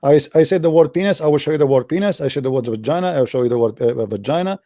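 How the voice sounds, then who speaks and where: High-voiced guy arguing hard, keeps pushing yes or no, dark dry sound. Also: very fast, no room sound. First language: Arabic. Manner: insistent, repeats yes-or-no demands. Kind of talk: heated online debate.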